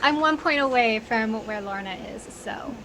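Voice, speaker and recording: A woman playing a tabletop game, talking in a low-key, thoughtful way that often trails off. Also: moderate pace, pushed and bright, a little hiss or hum, poor audio. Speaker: player. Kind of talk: casual tabletop play.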